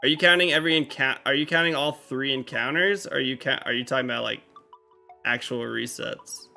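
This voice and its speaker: A man's voice: mid-range voice, fairly quick, creaky, sharp tone. A man chatting casually on a live game stream, rambling with lots of fillers and restarts. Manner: rambling, filler-heavy talk with many restarts. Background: faint game music.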